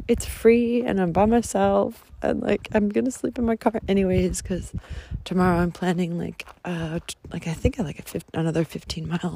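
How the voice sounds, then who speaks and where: A woman's voice: lowish voice, steady tone, unhurried, creaky, dark tone, slightly rough. A woman vlogging casually outdoors on a forest trail into a handheld phone, gushing and spiritual, often slipping into a whisper. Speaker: travel vlogger. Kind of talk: casual travel vlog.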